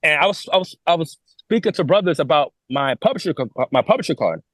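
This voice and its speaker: A man tells his story fast, his fairly high voice leaping up and down as he acts out other people's lines. He often restarts and repeats words. The sound is close and dry, with no room in it. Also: expressive, fairly bright tone, dry recording. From New York. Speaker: guest telling his story. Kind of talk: animated storytelling on a podcast.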